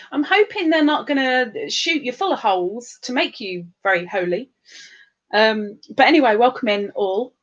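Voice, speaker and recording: A woman's voice: a little high, expressive, measured pace, muffled recording. A tired woman hosting a casual live stream, chatting bubbly and greeting viewers by name with big upward swoops.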